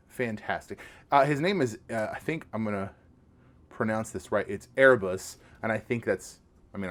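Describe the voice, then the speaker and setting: A man hosting a casual podcast, showing off items with eager, rambling enthusiasm and lots of restarts. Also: lowish voice. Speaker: podcast host. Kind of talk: casual podcast show-and-tell.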